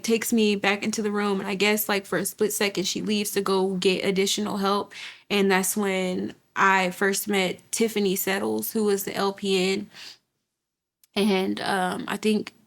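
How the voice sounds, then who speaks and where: A young woman gives an emotional personal account in an interview. She stumbles and repeats words as she goes, acting out what others said to her. Her voice sits in an ordinary middle pitch. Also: flat delivery, creaky. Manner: halting, repeats words, quotes others vividly. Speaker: guest telling her story.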